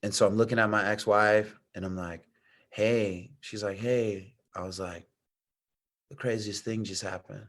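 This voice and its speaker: A middle-aged man telling a personal story in casual chat, animated and slangy, acting out what others said. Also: fairly low pitch, unhurried. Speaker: podcast guest.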